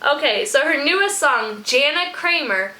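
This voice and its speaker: Woman vlogger from a small country town, casual and rambling, slightly high and bright. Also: expressive, unhurried, poor audio. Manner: chatty and rambling, thinks out loud, says "y'all". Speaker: music reaction vlogger. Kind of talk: casual chat.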